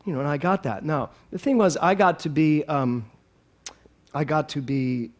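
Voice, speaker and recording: A man's voice: on the high side, normal speed. A male minister giving a sermon as a humorous, chatty personal story.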